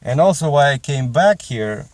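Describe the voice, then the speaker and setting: A man's voice: mid-range voice, lively intonation, normal speed, darkish tone, no room sound. A middle-aged man with a Russian accent, chatting in a casual vlog as a truck driver and rambling with many fillers and restarts.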